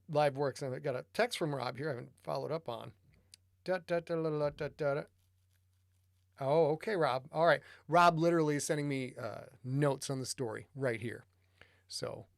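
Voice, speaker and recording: A man's voice: a little high, dry recording, studio quality. A man hosting a casual livestream, chatty, greeting viewers by name and muttering to himself while he sets up. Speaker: podcast host.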